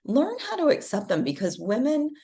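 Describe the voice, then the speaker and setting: In a motivational podcast conversation, a middle-aged guest talks at normal speed in a mellow voice whose pitch swoops wildly. She is earnest and emphatic, encouraging listeners with broad swings of intonation.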